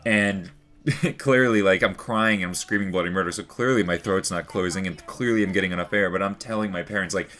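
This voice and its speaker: A man's voice: sits low, fairly quick, bright, forceful tone. A young man telling a personal story to the camera in a rambling, earnest way, full of "like" and "you know". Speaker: vlogger.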